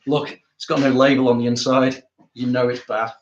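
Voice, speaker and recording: A man's voice: mid-range voice, flat delivery, normal speed, dull audio. Man, artist talking as he works, dry humour; echoey studio room. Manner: chatty, wry, jokey asides. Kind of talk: casual talk while working. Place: art studio. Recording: roomy studio, faint noise.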